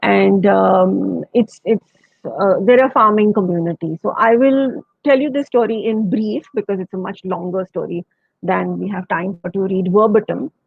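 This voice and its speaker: A woman telling a children's story, retelling it gently in her own words. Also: medium pitch, moderate pace, vocal fry, slightly rough, dry recording, narrow, tinny audio. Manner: gentle, retelling with quoted voices. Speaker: storyteller guest.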